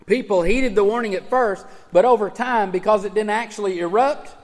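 A man preaching a sermon as pastor, emphatic, swinging from loud urging to hushed low tones. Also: normal speed. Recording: church hall with long reverb.

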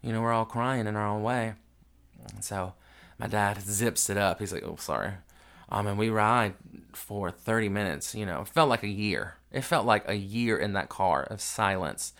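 A man with a low voice tells a raw family story on his podcast while grieving. He swears freely and talks candidly, dropping to a hush in the sad parts and getting loud and excited in the funny ones. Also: moderate pace. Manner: candid and profane, swings from hushed grief to loud excited retelling. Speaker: podcast host.

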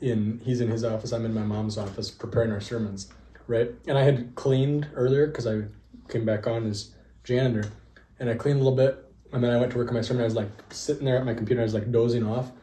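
Quick-paced and mid-range, a young man's voice carries casual podcast storytelling as co-host. He's lively, bursts into laughter often and acts out what people said. The recording sounds echoey.

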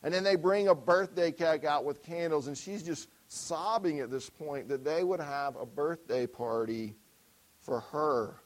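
A man's voice: a little high, measured pace, poor audio. Man preaching through a story. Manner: lively storytelling, voices for characters. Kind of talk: sermon illustration storytelling.

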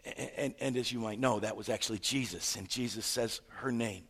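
A man preaching a sermon, retelling a story with stammered repeats and rhetorical questions, swinging from loud to hushed. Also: medium pitch, brisk, husky. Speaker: pastor.

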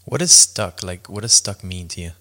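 A man's voice: low voice, lively intonation, normal speed, sharp tone. A man hosting a podcast, asking prompting questions in a casual, joking way. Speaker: podcast host. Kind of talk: interview questions.

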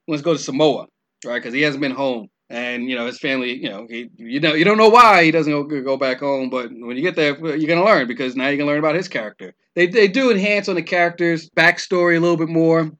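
A man with a bright, slightly high voice talks through an action movie's plot in a loose, casual recap. He rambles, restarts his sentences and keeps dropping "you know" and "man" as he goes. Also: fast. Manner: rambling, filler-heavy, says "man" often. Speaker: movie reviewer.

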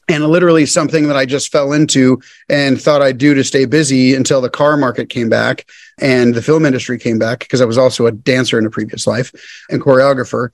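Here a podcast guest, a man in his thirties, casually recounts his business journey, bringing quoted conversations to life as he goes. His pitch is medium and there's no room sound.

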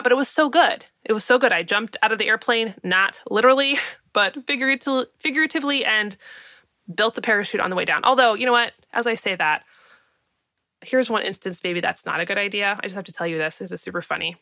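A woman in her thirties from the United States hosts a podcast, her mid-range voice pushed and bright with no room sound. She tells a personal story in a chatty, self-deprecating monologue, laughing as she goes.

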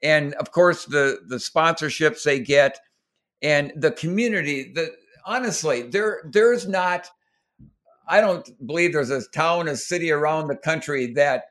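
A middle-aged Minnesota man, a former marathon runner appearing as a guest, tells race stories in an interview. His voice is fairly high and a bit bright, and he speaks unhurriedly, rambling with many restarts and growing emotional.

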